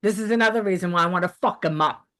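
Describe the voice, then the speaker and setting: A woman hosting a podcast, ranting in a heated, profane, animated way in casual chat. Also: fairly low pitch, fast talker. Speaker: podcast host.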